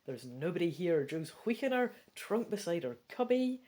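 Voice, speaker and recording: Lively Scottish woman reading aloud. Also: on the low side. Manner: chatty, quick asides between reading. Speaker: gamebook reader. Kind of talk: casual read-through with chatty asides.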